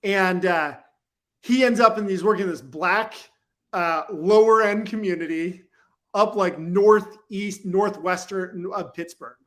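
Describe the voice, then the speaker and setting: Guesting on a podcast, a man rambles through casual stories, peppering them with "like" and "you know, right?" His high-pitched voice is a bit bright and moves at a measured pace into the podcast mic.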